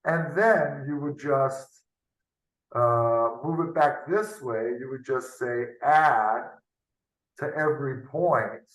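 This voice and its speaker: A man's voice: medium pitch, slow. A man tutoring math in a loose, unscripted lesson, thinking aloud and often ending with tag questions, heard over a video call. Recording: roomy, from off the mic.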